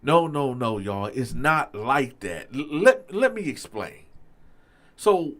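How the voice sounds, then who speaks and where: A man hosting a storytelling channel, telling a story to his viewers in a loose, slangy way and acting out both sides of the conversation. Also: slow. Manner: animated, acts out both sides of a story with raised pitch for himself; loose slangy delivery, addresses viewers as y'all.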